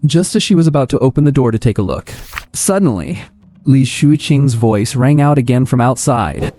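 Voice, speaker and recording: A man narrating a scripted comic story recap in a steady, even storytelling manner. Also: medium pitch, moderate pace. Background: faint music.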